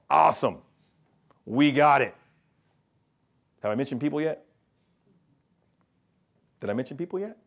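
Animated man giving a business talk. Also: medium pitch. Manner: animated, asks the audience rhetorical questions. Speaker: keynote speaker and consultant. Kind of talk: storytelling business presentation to students.

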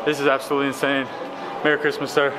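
A young man with a Southern American accent from Tennessee, talking excitedly to camera as a travel vlogger and calling his viewers y'all. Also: mid-range voice, racing, a crowd in the background. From Chattanooga, Tennessee, USA. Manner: upbeat, keeps addressing viewers as y'all. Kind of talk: excited casual vlog narration to camera. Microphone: handheld camera mic. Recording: noisy outdoor and travel background.

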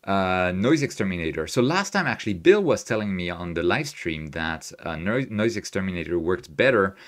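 A man chatting casually through a live stream as he edits images, excitable and quick to laugh, with a hard-to-place non-native accent and frequent restarts. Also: sits low. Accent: hard-to-place, non-native English. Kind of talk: casual live-stream commentary while editing.

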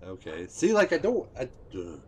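A man's voice: mid-range voice, wildly swooping pitch, moderate pace, a little hiss or hum. A man streaming a game, commenting live with frustrated outbursts and swearing.

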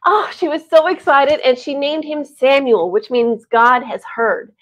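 A woman telling a Bible story to families, animated and chatty, with sighs and laughs. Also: high-pitched, measured pace. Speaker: Bible teacher. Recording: dull lo-fi recording.

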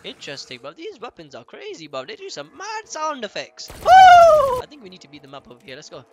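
Young man, excitable game commentary, high-pitched, swoops up and down a lot. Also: fast, over loud music. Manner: loud, excitable, repeats phrases. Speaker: gaming streamer.

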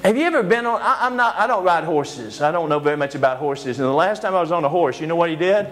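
Animated high-voiced male preacher. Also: fast, poor audio. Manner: animated storytelling with humorous asides. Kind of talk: sermon lecture.

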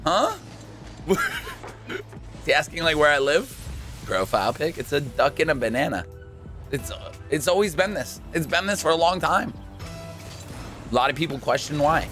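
Young man, gaming commentary, excitable, jokey, high-ish voice, faint music underneath. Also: moderate pace, pauses often. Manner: excitable, jokey, bursts into shouts and laughs. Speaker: gaming YouTuber. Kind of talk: live gameplay commentary.

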